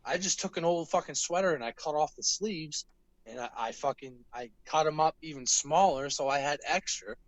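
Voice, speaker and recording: A man's voice: a little high, moderate pace, no room sound, poor audio. A man co-hosting a casual podcast, telling a rambling story full of swearing and acted-out quotes. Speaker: podcast co-host.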